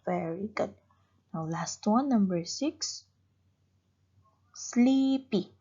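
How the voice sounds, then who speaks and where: Patient female teacher for young kids, very slow with a lively pitch, on a dull lo-fi recording. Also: slightly rough. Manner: slow, patient, questions and praises pupils. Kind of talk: online class lesson for young children.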